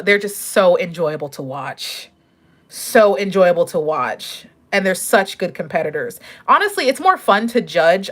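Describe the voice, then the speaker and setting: Young female streamer, chatty and excitable, pitch jumps all over. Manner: bubbly, gushing, animated. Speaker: pageant commentator and livestream host. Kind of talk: casual livestream chat.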